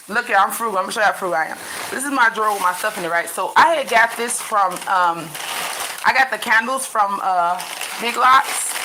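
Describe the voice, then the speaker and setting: A woman's voice: medium pitch, sharp tone, reverberant, a little hiss or hum, poor audio. A woman chatting casually with viewers from her bedroom, talking in a loose, rambling way with a runny nose. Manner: chatty, addresses viewers as y'all, lots of restarts. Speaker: vlogger. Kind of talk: casual livestream chat.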